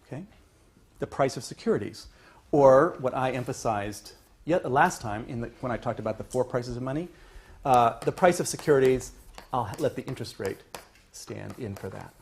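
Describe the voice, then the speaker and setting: Male professor, classroom lecture, husky mid-pitch voice, frequent "okay?" check-ins. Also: expressive, normal speed. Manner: repeats "okay?" as a check-in, restarts phrases often; emphatic, builds to louder points then trails off. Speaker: economics professor. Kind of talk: university lecture.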